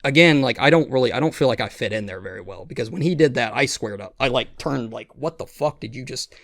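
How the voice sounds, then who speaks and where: A man's voice: mid-range voice, lively intonation, quick pace, a bit bright, dry recording. A man hosting a podcast, telling a rambling, profane story with lots of restarts and quoted voices. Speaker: podcast host. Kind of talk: casual storytelling chat.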